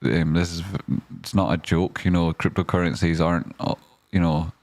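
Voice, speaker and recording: A man's voice: sits low, flat delivery, normal speed, darkish tone, no room sound. A man, commenting on stocks in a rambling, casual way with lots of fillers, breaking into sweary rants. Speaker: stock market streamer.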